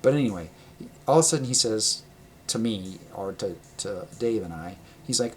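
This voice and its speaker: A man casually telling a personal travel story, rambling and correcting himself, laughing often and getting animated when he quotes people. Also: on the low side, normal speed, slight background noise. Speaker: vlogger.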